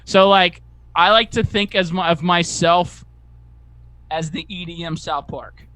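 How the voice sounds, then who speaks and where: A young man, a music producer guest, chatting casually in an energetic, crude, swearing, joking way. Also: high voice, unhurried, clear, resonant tone, dry recording. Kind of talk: casual chat.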